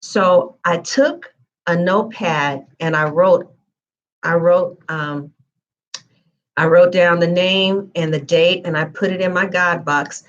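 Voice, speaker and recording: A woman's voice: lowish voice, takes it slowly, lo-fi sound. A woman giving a tarot reading in a casual, chatty live-stream manner with lots of fillers. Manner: chatty, conversational, frequent fillers. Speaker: tarot reader.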